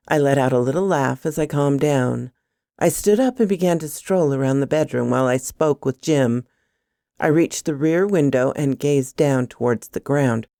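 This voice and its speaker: A woman reading a first-person horror story aloud in an expressive, dramatic way. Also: extremely low pitch, normal speed, no room sound, clean studio sound.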